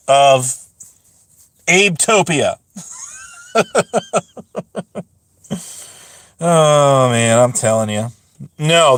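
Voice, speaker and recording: A lively, mocking man in his forties rants to his stream chat in a bright, forceful voice, slightly raised in pitch. He stumbles and restarts as he rambles, and his voice sounds a little dry. The sound is close and dry, with no room echo. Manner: sarcastic, mocking, talks straight to chat. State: voice getting dry. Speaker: livestream host. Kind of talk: casual livestream rant to chat.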